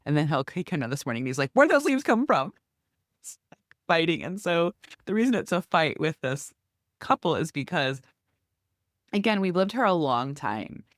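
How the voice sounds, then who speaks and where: A middle-aged woman co-hosting a podcast, telling a long story in a lively, chatty way. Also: sits low, moderate pace, no room sound, clean studio sound. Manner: lively storytelling, acts out quoted neighbors. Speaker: podcast co-host. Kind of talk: casual chat.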